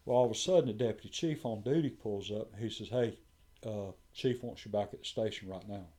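A man's voice: lowish voice, brisk, mellow. A man, a firefighter telling a story in casual conversation and acting out what others said.

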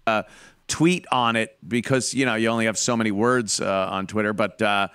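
A man's voice: on the low side, steady tone, moderate pace, clear, resonant tone. A man hosting a radio talk show, ranting casually and swearing often. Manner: loud, rants, swears a lot. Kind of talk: profane casual radio banter.

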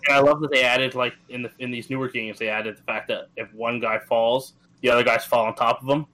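A man in his thirties from Atlantic Canada co-hosts a casual gaming podcast. His voice has a bright, forward tone at a middle pitch. He talks in an easygoing way, with lots of fillers and restarts. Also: steady tone, fairly quick, low-quality recording. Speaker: podcast co-host.

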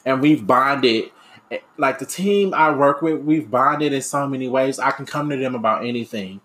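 Young man, personal reflective monologue, candid, rambling, fillers and restarts, mid-range pitch. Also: normal speed, a bit bright. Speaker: aspiring radio DJ and podcaster.

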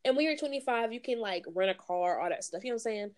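A woman's voice: on the high side, expressive, fast talker, no echo, studio quality. A woman, ranting bluntly and casually in slangy podcast chat. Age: 20s. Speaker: podcast co-host.

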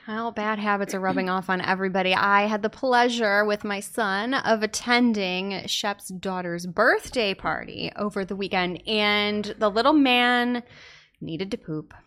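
A woman co-hosting a podcast, telling a story in casual chat, animated and laughing often. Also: mid-range voice, measured pace. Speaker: podcast co-host.

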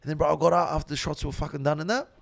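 A man with an Australian accent telling a story in casual talk, swearing constantly and getting loud and laughing as he tells it. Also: a little high, steady tone, racing, gravelly. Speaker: interview guest.

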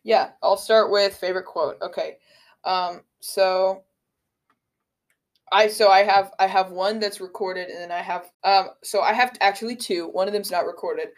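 A man co-hosting a casual movie podcast. He speaks hesitantly and fills pauses with ums and restarts while working down a list of prepared points. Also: sits high, fairly even intonation. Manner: hesitant, many ums, reads from notes. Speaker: podcast co-host. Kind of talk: casual movie-review chat.

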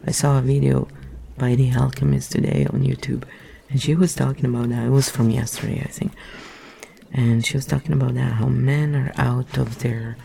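A man's voice: medium pitch, flat delivery, moderate pace, gravelly, mellow, a little hiss or hum. A man reading a book aloud and breaking off into rambling, musing asides. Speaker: reader.

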